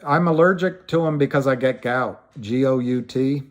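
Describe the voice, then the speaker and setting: A man with a mid-range voice hosts a casual livestream at a normal pace. He rambles, often restarting and letting thoughts trail off, and greets viewers by name as he answers them.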